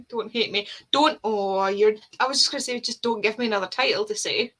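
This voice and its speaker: A Scottish woman hosting a casual reading livestream, chatty and self-deprecating, quick to laugh at herself. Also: fairly high pitch, a bit bright, slight background noise. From Scotland. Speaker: host of a reading sprint livestream. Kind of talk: casual chat.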